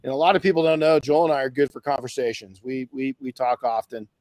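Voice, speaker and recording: A man's voice: mid-range voice, quick pace, a little mellow, dry recording, poor audio. A man hosting a podcast in casual chat, enthusiastic and often repeating his words. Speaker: podcast host.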